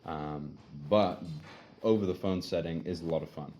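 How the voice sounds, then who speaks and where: A man's voice: low voice, moderate pace, dark tone, slight background noise. A young man teaching appointment setting in a casual, conversational way, often checking in with "right?". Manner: conversational, frequent tag questions. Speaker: sales trainer. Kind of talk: casual instructional talk.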